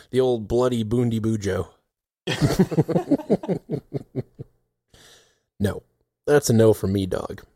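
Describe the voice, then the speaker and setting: A man's voice: medium pitch, sing-song, very slow, long pauses, warm tone, no room sound, clean studio sound. A man hosting a podcast in casual chat, often laughing between his remarks. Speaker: podcast host.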